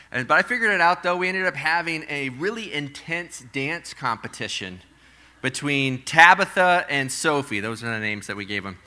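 A man in his thirties preaching a sermon to a live congregation, conversational and storytelling, with playful asides and softer reflective moments. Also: medium pitch. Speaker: pastor. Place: church sanctuary with live congregation.

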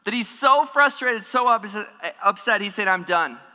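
A man preaching a sermon as pastor, animated and humorous, acting out the voices of people in the story. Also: very high voice, normal speed. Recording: long hall reverb.

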